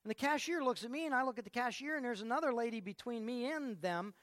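A man's voice: very high-pitched, lively intonation, fast talker, a bit bright, no room sound, studio quality. A man preaching a sermon in a conversational way, often stopping to repeat his words. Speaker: pastor.

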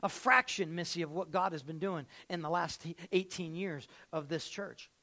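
A man preaching a sermon as pastor, telling stories and repeating phrases, swinging between loud and hushed. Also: a little high, normal speed.

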